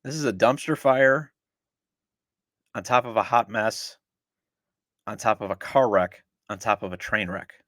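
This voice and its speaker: A man's voice: on the low side, measured pace, long pauses, a bit bright, no echo, clean studio sound. A middle-aged man hosting a sports podcast, ranting with exasperated sarcasm about his team. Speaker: podcast host. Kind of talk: opinionated sports talk.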